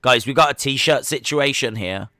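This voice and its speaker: A streamer reacts to the races live, chatty and easily excited. His voice is bright and crisp, close to the mic in a dry room. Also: mid-range voice, normal speed, dry recording. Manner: chatty, excitable, with frequent fillers. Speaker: livestream host. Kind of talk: live sports watch-along commentary.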